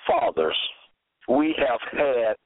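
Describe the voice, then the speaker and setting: A man preaching in a slow, measured, emphatic way, repeating key phrases as he presents a case. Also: medium pitch, huge pitch swings, no room sound. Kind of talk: slow deliberate sermon. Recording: dry tinny phone-like sound.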